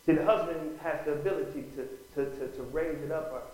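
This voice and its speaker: A man's voice: on the high side, fairly even intonation, a little fast, a little mellow. A man preaching a sermon as pastor, calling out "Amen?" to the congregation and rising into bursts of emphasis. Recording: very echoey room.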